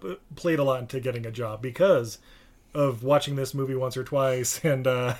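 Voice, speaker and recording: A man's voice: medium pitch, moderate pace, darkish tone. A man co-hosting a podcast, telling a story in casual chat, laughing often and putting on other people's voices. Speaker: podcast co-host.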